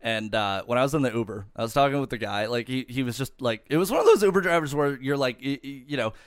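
A young man co-hosting a casual comedy podcast, telling an animated, profane anecdote and quoting the people in it. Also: mid-range voice, fast, smooth, no room sound, clean studio sound. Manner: profane, animated storytelling with quoted voices. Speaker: podcast co-host.

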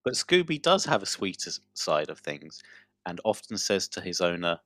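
Low-voiced man reading aloud, giggly. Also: big pitch swings, normal speed, dry recording, studio quality. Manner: giggly, breaks into loud laughter while reading. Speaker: podcast co-host. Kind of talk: casual chat, reading a news story aloud.

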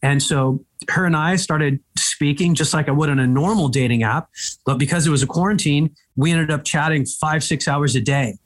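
A slightly high, husky male voice tells an animated story as a comedian guest in an interview. He grew up in Egypt and throws in quick asides as he talks.

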